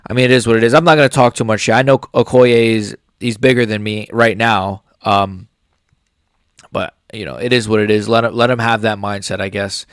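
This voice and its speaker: A man's voice: lowish voice, fairly even intonation, normal speed, clean tone, dry recording, clean studio sound. Blunt, opinionated man ranting. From United States. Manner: blunt, opinionated, swears often. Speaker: MMA commentary channel host. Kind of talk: casual reaction commentary.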